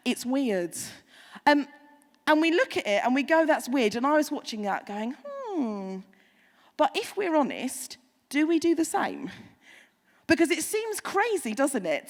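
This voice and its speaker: A woman pastor giving a sermon, chatty and animated, with playful asides to the congregation. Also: high-pitched, in a large hall.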